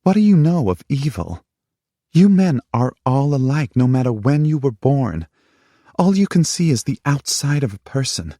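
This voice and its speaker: A man reading an audiobook, voicing a furious young woman with a sharp, accusing, high-pitched delivery. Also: big pitch swings, slow, breathy edge, dry recording, clean studio sound, exaggerated voice. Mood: angry. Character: furious young woman, time-displaced lover. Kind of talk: audiobook character voice.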